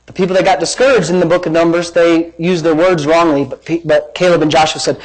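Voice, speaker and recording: A man pastor preaching a sermon in an animated, conversational way, full of playful jabs and exclamations. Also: high voice, quick pace, hardly any pauses, rough recording.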